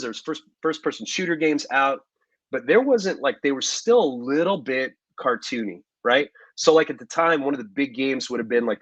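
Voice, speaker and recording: A man, an actor as interview guest, telling stories in a relaxed way with many fillers and asides. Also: medium pitch, no room sound, lo-fi sound. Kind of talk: casual interview storytelling.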